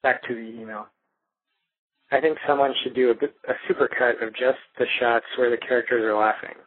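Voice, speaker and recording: A man's voice: mid-range voice, steady tone, brisk, breathy edge. A man leaving a rambling phone message, correcting himself as he goes. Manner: digressive, self-correcting. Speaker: caller reviewing a movie. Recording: tinny phone line.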